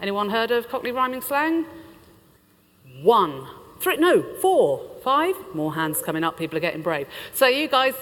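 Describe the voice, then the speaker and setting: A woman's voice: a little high, big pitch swings, moderate pace, fairly bright tone. A woman with a British accent giving a chatty, playful talk to a conference audience. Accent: British English. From United Kingdom. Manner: chatty and playful, laughs between lines. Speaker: conference speaker. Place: large conference hall. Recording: reverberant conference hall.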